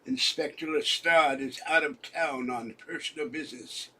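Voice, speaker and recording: A man voicing a posh old British gentleman with a mock upper-class British accent, talking in a pompous, drawn-out way. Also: on the high side, husky, far from the mic, exaggerated voice, low-quality recording.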